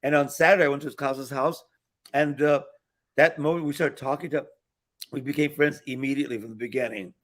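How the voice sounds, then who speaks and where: A man's voice: medium pitch, steady tone, brisk. A man in his sixties, a talk show guest telling long rambling anecdotes with many fillers and restarts, acting out the voices of the people in his stories. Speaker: guest performer. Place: restaurant, live broadcast.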